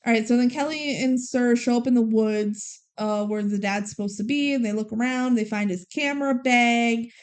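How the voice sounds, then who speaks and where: A woman's voice: a little high, normal speed, few pauses. A woman podcast co-host casually recapping a movie, animatedly retelling scenes and acting out the characters' lines.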